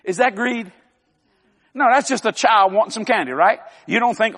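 Older preacher guy, high voice, folksy and loud, jokes a lot, big reverby hall. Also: normal speed, a little hiss or hum. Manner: folksy, emphatic, joking with laughs. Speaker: televangelist preacher. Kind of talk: sermon. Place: large church hall.

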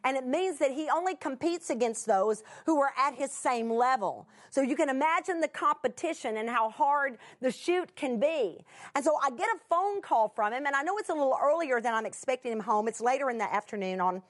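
Woman preaching, high voice, chatty folksy storytelling, swings from loud and excited to soft and tender, talks right to the crowd. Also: fairly quick. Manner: folksy, chatty address to the audience. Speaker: Christian speaker. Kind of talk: storytelling sermon to a live audience.

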